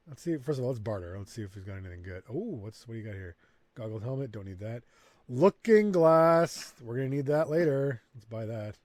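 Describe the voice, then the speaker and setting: A man's voice: mid-range voice, lively intonation, fairly quick, darkish tone, dry recording. A man hosting a let's play, thinking aloud and reading game text in casual commentary.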